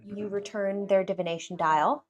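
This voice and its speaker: A woman game master narrating a recap of the story so far in a measured storytelling manner. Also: mid-range voice, fairly even intonation.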